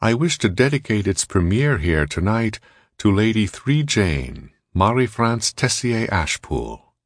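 Man doing a showy illusionist, grand and theatrical, higher voice, dry sound. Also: sing-song, a little slow, dry recording. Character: smooth theatrical male stage illusionist, showy.

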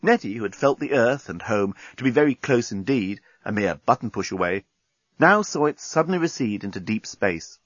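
A man's voice: mid-range voice, animated, normal speed, a bit bright, no room sound, lo-fi sound. A man narrating an audiobook in a dry, wry manner.

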